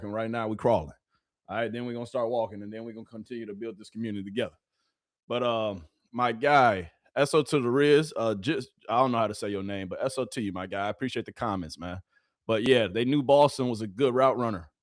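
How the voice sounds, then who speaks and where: A male live-stream host speaks in a mid-range voice at normal speed, with a dry, close sound and no echo. He's chatty and animated, repeating phrases and talking to his chat in casual live-stream commentary.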